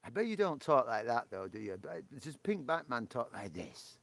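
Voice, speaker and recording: A man's voice: mid-range voice, big pitch swings, normal speed, fairly bright tone. A man hosting a live stream on a porch, chatting casually with viewers, joking and laughing often. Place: outdoor porch.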